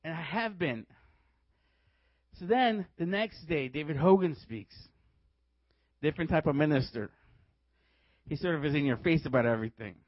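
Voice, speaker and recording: High-pitched guy from chicago preaching, laughing thru his story, dull dry recording. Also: normal speed, pauses often, no echo. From Chicago, USA. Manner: animated storytelling, laughing often. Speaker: guest preacher. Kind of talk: sermon testimony.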